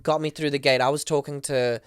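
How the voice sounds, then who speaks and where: A man, a podcast guest, telling a story with excitement, acting out the people he quotes, with many fillers. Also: medium pitch, brisk, smooth, dry recording, studio quality. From Australia. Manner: acts out the voices of people he quotes. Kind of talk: animated storytelling.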